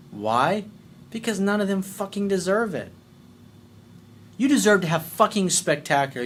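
A middle-aged man with a slightly high voice talks straight to the listener. He gives dating advice bluntly and emphatically, swearing freely and never softening his words.

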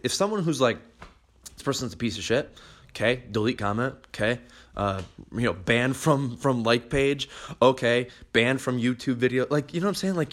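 A man's voice: mid-range voice, a bit bright. Man, young adult, podcast host, blunt, profane, motivational monologue.

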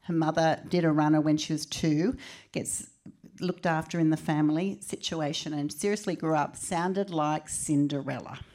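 A middle-aged Australian woman speaks at a book launch, her voice sitting a little low. She tells her stories in a lively, chatty way and acts out the people she quotes. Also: moderate pace. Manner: animated, chatty storyteller who acts out quotes. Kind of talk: personal storytelling speech.

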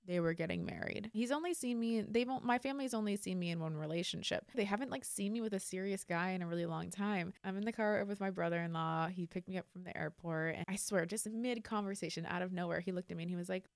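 A woman in her twenties hosting a solo podcast, talking candidly and swearing freely, and getting animated when she retells a story. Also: mid-range voice, fast, few pauses, no room sound, clean studio sound. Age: 20s. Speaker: podcast host. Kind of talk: casual solo podcast monologue.

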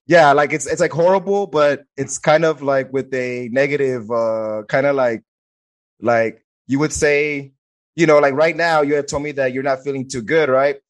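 A man's voice: medium pitch, normal speed. A man hosting a podcast in casual conversation, hesitant, with many "uh" fillers. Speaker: podcast host.

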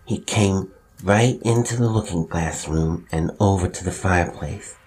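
A man's voice: low-pitched, measured pace, darkish tone, a little hiss or hum, pitched above the performer's own voice. A man voicing a small chubby boy who lisps and sounds timid. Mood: frightened. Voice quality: lisp.

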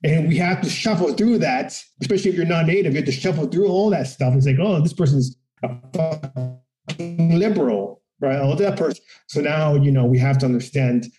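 A man talking in a casual, profane political discussion, animated and acting out quotes of other people. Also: a little high, quick pace, hardly any pauses, echoey room, soft background music, rough recording.

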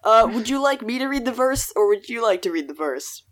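A woman's voice: on the high side, lively intonation, fairly quick. Young woman rambling in her morning voice. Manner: rambling, self-deprecating, laughs often. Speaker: podcast co-host. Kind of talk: casual chat about song lyrics.

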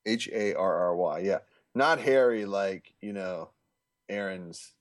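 A man's voice: low-pitched, takes it slowly, no echo. A man co-hosting a casual sports podcast, joking and rambling. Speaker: podcast co-host.

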